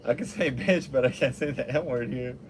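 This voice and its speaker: This casual, rambling monologue comes from a young man of ordinary middle pitch who talks at a moderate pace and swears freely. Faint hiss can be heard behind him.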